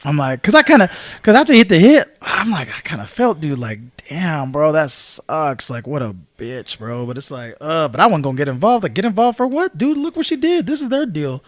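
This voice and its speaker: A man's voice: high-pitched, quick pace, hardly any pauses, dry recording, studio quality. A man co-hosting a podcast, chatting casually and acting out the people in his stories. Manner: animated storyteller, acts out voices of people in his stories. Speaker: podcast co-host. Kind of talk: casual chat, storytelling.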